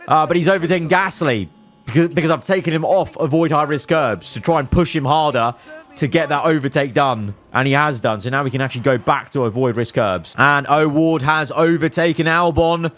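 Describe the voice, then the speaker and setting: A man commentating his own racing management game, cheering on his drivers and swinging between calm analysis and elated outbursts. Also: a little high, brisk. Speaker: gaming YouTuber.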